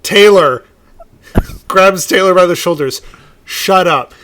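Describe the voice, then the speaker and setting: High, bright excitable male player. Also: normal speed, slight background noise. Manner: urgent, questioning, excitable. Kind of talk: in-character tabletop play.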